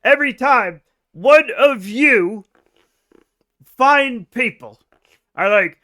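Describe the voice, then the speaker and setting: High, bright-voiced joking streamer man. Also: takes it slowly. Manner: animated, joking, swears freely. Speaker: video game streamer. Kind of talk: live gameplay stream chat.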